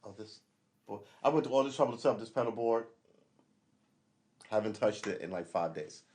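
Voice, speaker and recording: A man's voice: fairly low pitch, animated, brisk, a little mellow. A man hosting a livestream, delivering a casual, rambling monologue in a blunt, profane way. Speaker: livestream host.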